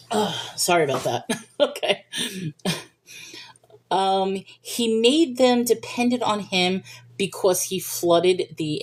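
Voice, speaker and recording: A woman's voice: on the low side, slight background noise. A woman hosting a livestream, talking casually about faith and reading viewer comments, chatty and thinking aloud with restarts and little laughs.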